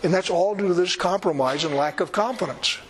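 Male preacher, fairly high voice, plain-spoken sermon with dry humor. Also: brisk, low-quality recording. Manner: conversational, emphatic, with wry asides.

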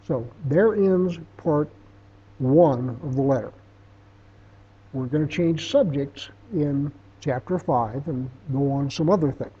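This middle-aged Bible teacher takes his time, his slightly high voice dark and husky. He speaks conversationally, weaving in stories and reading scripture with emphasis. The sound is dull and lo-fi.

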